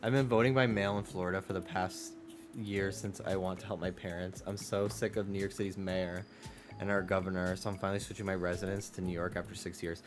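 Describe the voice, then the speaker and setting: A man's voice: deep voice, fairly quick, over music. A man streaming a game who chats casually and rants with plenty of swearing. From United States. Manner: ranting, profane, animated. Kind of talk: casual chat while gaming.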